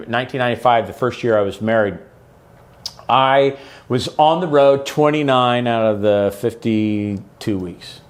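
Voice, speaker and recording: A middle-aged man hosts a relaxed podcast conversation. He talks eagerly, circling back and restarting his sentences as he goes, at an ordinary pitch for a man. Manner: enthusiastic, rambling with restarts. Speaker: podcast host. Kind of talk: casual interview chat.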